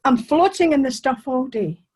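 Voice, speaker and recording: An earnest young fisherman who is easily flustered, as a woman storyteller puts him on. His questions jump up high and stumble over themselves, anxious and eager. The voice carries a breathy edge, told as a storybook part. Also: lively intonation, normal speed, darkish tone. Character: naive, polite young male fisherman.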